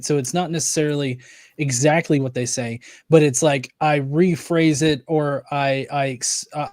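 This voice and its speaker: A man's voice: fairly high pitch, darkish tone, dry recording, studio quality. A man hosting a podcast, asking a thoughtful question while searching for his words. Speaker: podcast host. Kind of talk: conversational interview.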